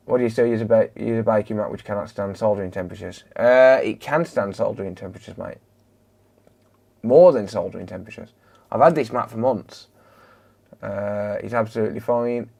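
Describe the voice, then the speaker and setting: A man's voice: lowish voice, normal speed, creaky, pauses often, darkish tone. A man hosting a live stream, greeting viewers one by one and bantering casually with his chat. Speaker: live-stream host, electronics repairer.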